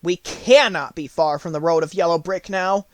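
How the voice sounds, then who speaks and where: A man's voice: on the high side, no echo, lightly acted. A man voicing a kindly, eager male scarecrow stuffed with straw in an audiobook. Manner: eager, quick. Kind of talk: audiobook character voice.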